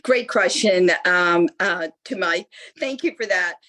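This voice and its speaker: A middle-aged woman from the United States, a lieutenant governor speaking as a guest, telling a story with lively acted-out voices. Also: lowish voice, a little slow. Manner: animated storyteller acting out quoted voices. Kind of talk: storytelling answer at a public talk.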